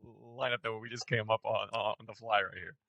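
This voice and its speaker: A man's voice: on the low side, steady tone, brisk, creaky, bright, forceful tone, dry recording, highs cut off. A man co-hosting a podcast in casual chat, laughing often and restarting his words. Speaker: podcast co-host.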